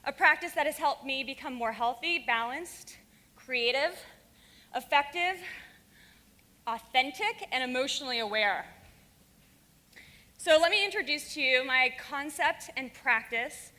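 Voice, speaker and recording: A woman speaking on stage with a high, bright and forceful voice, fiery and blunt, swearing freely. The sound rings with the long reverb of a large conference hall. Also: expressive, unhurried, long pauses. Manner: fiery, frank and profane. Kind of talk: stage talk to a live audience.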